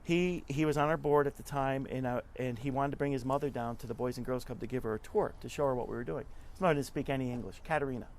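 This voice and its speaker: A man's voice: mid-range voice, fast talker, few pauses, a little hiss or hum. A man guest in an interview, telling stories in an earnest, conversational way and often repeating words as he talks. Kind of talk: conversational storytelling.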